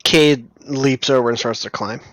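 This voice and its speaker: A player in a tabletop game, speaking slowly and matter-of-factly. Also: medium pitch, dry recording. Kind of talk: casual tabletop game play.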